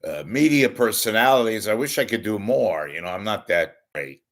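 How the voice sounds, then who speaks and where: A man hosting a wry comedic monologue, meandering and halting. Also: fairly low pitch, animated. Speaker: comedic host.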